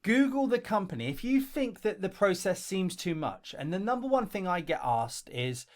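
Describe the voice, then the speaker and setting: A man's voice: high voice, big pitch swings, normal speed, hardly any pauses. A middle-aged man with a broad London accent, talking straight to camera with blunt, chatty advice and a habit of ending points with "okay?". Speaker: online English teaching coach. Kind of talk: direct-to-camera advice video. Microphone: webcam or camera facing him.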